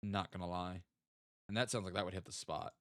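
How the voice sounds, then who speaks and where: Guy streaming, low voice, talks to chat and hums while he thinks, dry close mic. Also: steady tone, a little fast, fairly bright tone, no room sound. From American South. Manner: chatty, thinks aloud, hums to himself. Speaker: streamer playing a geography game. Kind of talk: casual live-stream chat.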